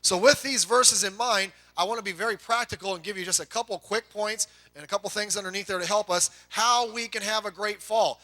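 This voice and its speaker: A middle-aged man preaching a sermon to a congregation, telling folksy family stories with quick asides. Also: sits high, sharp tone. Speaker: pastor.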